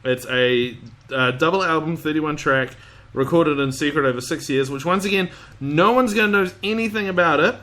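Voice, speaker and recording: A man's voice: fairly high pitch, normal speed, a bit bright. A man hosting a podcast, chatting casually and rambling, with loose swearing and frequent laughter. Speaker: podcast host. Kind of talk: casual chat.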